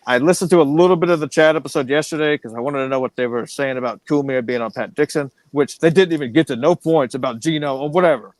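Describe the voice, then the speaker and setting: Fast, ranting podcast man. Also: fairly high pitch, no echo. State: angry. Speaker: podcast co-host. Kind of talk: casual profane podcast banter.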